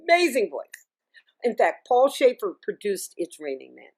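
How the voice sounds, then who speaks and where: Chatty, animated middle-aged woman storyteller. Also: mid-range voice, moderate pace. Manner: chatty and animated, laughs often, restarts sentences. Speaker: singer and music teacher, interview guest. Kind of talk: casual interview storytelling.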